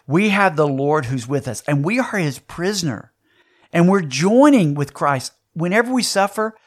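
A man, preaching a sermon and telling a personal story, with dramatic shifts in loudness and pace. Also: on the high side.

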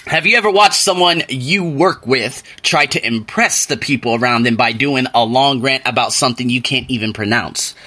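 A man hosting a solo podcast book review, telling stories in an animated way that climbs into exasperated rants. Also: medium pitch, normal speed, hardly any pauses. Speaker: podcast host.

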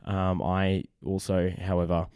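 A young Australian man chats on his podcast in a loose, matey way, swearing freely. His voice sits low and mellow, and it is starting to go. The sound is close and dry. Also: little pitch movement, a little slow, smooth, no room sound. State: losing his voice. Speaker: podcast host. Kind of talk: casual chat.

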